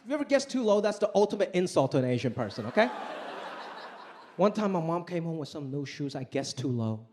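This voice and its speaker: High-voiced male comedian on stage. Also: fairly quick, background noise. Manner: animated storytelling with acted voices. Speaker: stand-up comedian. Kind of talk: stand-up comedy set. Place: theater stage with live audience. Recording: roomy hall with crowd laughter. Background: audience laughing.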